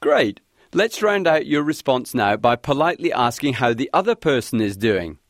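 A man hosting a scripted language lesson, guiding listeners clearly and encouragingly. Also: mid-range voice, big pitch swings, normal speed, dry recording, clean studio sound. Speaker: language teacher host.

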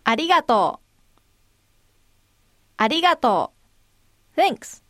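A woman modeling phrases for a language lesson, saying each slowly and with careful articulation. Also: sits high, big pitch swings, fairly bright tone, no room sound, studio quality. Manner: deliberate, clearly articulated. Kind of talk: slow, careful demonstration phrases.

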